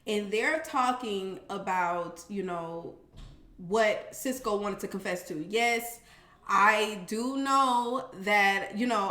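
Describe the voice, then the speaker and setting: A woman casually recapping a reality show, animated and profane, with sassy commentary and acted-out quotes. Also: a little high, reverberant.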